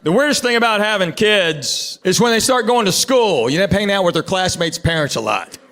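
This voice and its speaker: Deadpan comedian working a crowd. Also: male voice, high-pitched, brisk, very noisy. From East Tennessee, US. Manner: deadpan teasing crowd work. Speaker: stand-up comedian. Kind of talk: stand-up routine. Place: large comedy venue, on stage. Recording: roomy live hall with loud crowd laughter.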